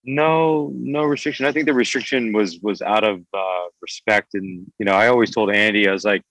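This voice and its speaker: A man with a fairly low voice, a guest filmmaker in an interview, rambling along with lots of fillers and half-started phrases. it sounds dry and close, with no room around him. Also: normal speed, a bit bright, no room sound, poor audio. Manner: rambling, many fillers and restarts. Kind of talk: casual interview talk.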